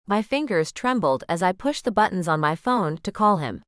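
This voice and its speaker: A female narrator reads a romance audiobook in the first person, her pitch moving in lively swings. Her delivery carries an anxious edge. The recording is close and dry. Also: moderate pace, no room sound.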